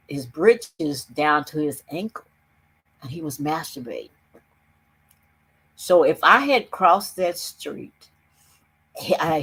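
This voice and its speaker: A woman's voice: deep voice, slightly rough. An older woman telling a personal story earnestly on a video call, with emphatic shifts of pace. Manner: earnest, emphatic, speeds up and slows down. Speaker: summit speaker.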